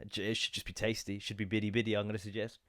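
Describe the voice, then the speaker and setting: Here the solo podcast host has a fairly low pitch with little movement and talks rapid-fire, captured at studio quality without room sound. Bunged up from a cold, he delivers a rambling, profane casual rant and leaps into silly voices.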